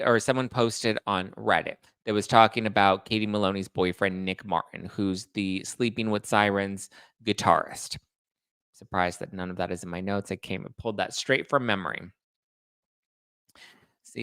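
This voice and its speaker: A man hosting a pop culture live stream, chatting casually with his viewers and tossing out sarcastic asides. His voice sits fairly low with a gravelly, fry-heavy edge. The sound is dry and close. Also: fairly bright tone, dry recording. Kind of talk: casual live-chat commentary.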